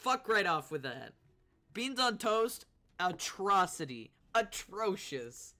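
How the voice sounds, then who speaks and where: A game streamer gives loud, casual commentary full of swearing and jokes, laughing often. The voice is bright and forceful, pitched in a middle range. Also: big pitch swings, takes it slowly. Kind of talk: casual let's-play commentary.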